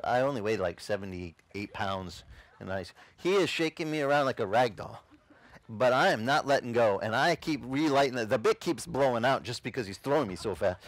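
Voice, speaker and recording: Storytelling pastor, dry close sound. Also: male voice, mid-range voice, no echo. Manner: dramatic storytelling, acts out scenes. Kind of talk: testimony sermon. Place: outdoor beach service.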